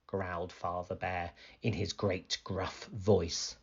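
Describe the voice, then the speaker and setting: A man reading a children's picture book aloud in an animated, expressive storytelling manner. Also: low voice, takes it slowly, few pauses, slightly rough, dull audio.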